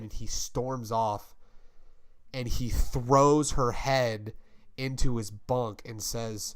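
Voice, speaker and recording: A young adult man in casual chat, rambling and swearing as he pitches a story and acts out its quotes. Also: steady tone, takes it slowly, smooth. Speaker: podcast co-host.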